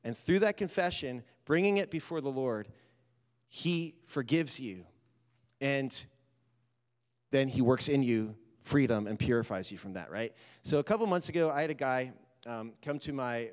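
A man preaching a sermon, telling a story and urging his listeners, talking casually and building to loud, animated exhortation. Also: mid-range voice, fairly quick, clear, resonant tone. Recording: reverberant hall.

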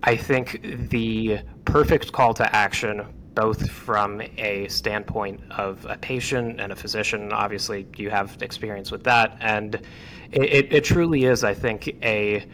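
Bright-voiced stammering male host. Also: fairly low pitch, fairly even intonation, a little slow, slight background noise, rough recording. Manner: stammering, heartfelt. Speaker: podcast host. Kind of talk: interview hosting.

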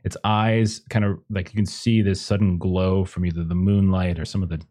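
A man's voice: low voice, little pitch movement, moderate pace, mellow. A man running a tabletop game as game master, narrating loosely with many fillers. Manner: hesitant, lots of kinda and uh.

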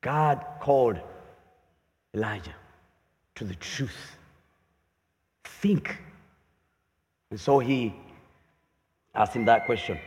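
Slow-preaching pastor in a reverberant hall. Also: male voice, medium pitch. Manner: lively preaching, voicing God's questions with rising emphasis. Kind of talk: sermon.

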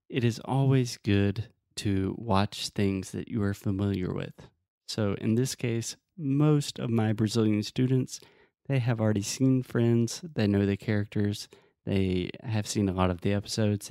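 A man's voice: lowish voice, unhurried, mellow, dry recording, clean studio sound. A man co-hosting a podcast as an English teacher, patiently explaining words and drilling pronunciation in casual chat.

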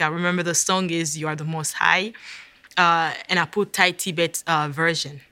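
A woman's voice: fairly low pitch, moderate pace, bright, forceful tone, dry recording. A woman telling her personal faith testimony in an intense, emotional way. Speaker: speaker sharing a testimony.

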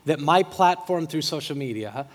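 A man's voice: fairly high pitch, expressive, normal speed. Emotional man preaching in a reverberant church. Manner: passionate, emotional preaching with emphatic repetition. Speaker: pastor. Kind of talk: sermon. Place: church sanctuary. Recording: long hall reverb.

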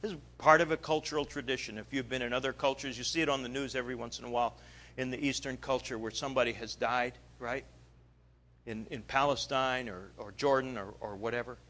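A male preacher retelling a story in a sermon, animated, swinging between loud bursts and quiet asides. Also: medium pitch, fairly quick.

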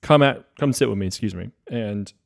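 A man's voice: lowish voice, a little fast, gravelly, no room sound, studio quality. A man hosting a church podcast in casual chat, upbeat and full of fillers, laughing at his own stumbles. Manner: upbeat, filler-heavy, self-deprecating. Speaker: podcast host.

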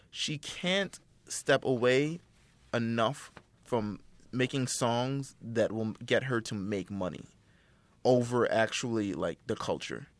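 A man's voice: mid-range voice, slow pace, no room sound. A man co-hosting a casual podcast chat, giving rambling, profane opinions with lots of fillers.

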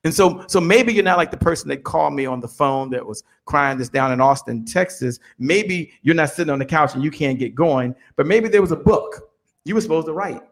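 A man in his fifties, a business guest on an interview show, telling stories in an animated motivational way and often repeating words as he builds up. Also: on the high side, fairly quick. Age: 50s. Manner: animated storyteller, repeats words when excited.

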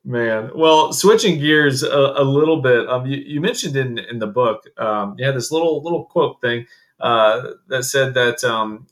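A man's voice: medium pitch, a little slow. A man hosting an interview, asking questions casually with many hedging fillers. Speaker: interview host.

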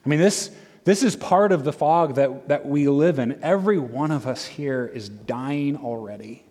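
A middle-aged man preaching a sermon in a conversational, animated way, with frequent fillers and restarts. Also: mid-range voice, normal speed, big-room sound. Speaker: pastor.

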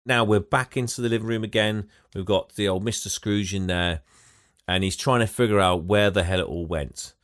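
A man's voice: lowish voice, steady tone, moderate pace, fairly bright tone, dry recording, clean studio sound. A man casually recapping a film plot for a podcast, rambling and laughing as he acts out quotes. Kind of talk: casual chat.

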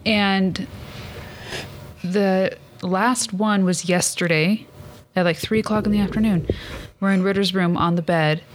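A woman in her thirties co-hosts a chatty podcast. She tells stories in a lively way, acting out what others said and laughing as she goes. Her voice sits at a middle pitch, with faint hiss behind it. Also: measured pace. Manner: animated, acts out quotes with laughter. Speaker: podcast co-host. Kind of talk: casual chat, storytelling.

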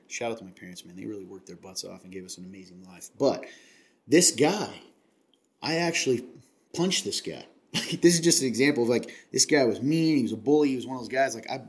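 A man from Kentucky hosting a casual chat, earnest and confiding, rambling with many restarts. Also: on the low side.

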